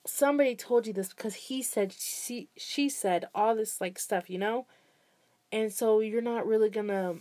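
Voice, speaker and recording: A woman's voice: mid-range voice, a little mellow. Rambling young woman giving advice. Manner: rambling, filler-heavy, drawn-out "blah, blah, blah". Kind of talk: casual relationship advice monologue.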